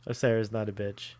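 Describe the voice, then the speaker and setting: A man's voice: lowish voice, a little mellow. A man from Florida co-hosting a casual watch-along chat, laughing often and teasing. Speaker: podcast co-host.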